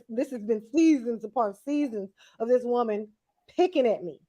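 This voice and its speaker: Animated, blunt slangy woman. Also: fairly high pitch, moderate pace. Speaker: podcast co-host. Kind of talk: casual reality-TV recap chat.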